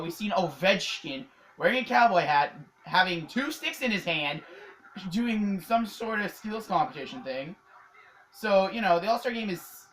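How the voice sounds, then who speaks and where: A hockey vlogger from Canada giving a casual, excitable recap, rambling with lots of fillers and laughs. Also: medium pitch, a little hiss or hum, rough recording.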